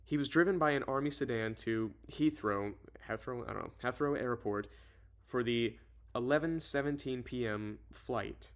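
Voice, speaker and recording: A man's voice: mid-range voice, normal speed. A man reading a novel aloud and commenting on it casually, rambling and often correcting himself. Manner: rambling, full of fillers and self-corrections. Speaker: reader and commentator.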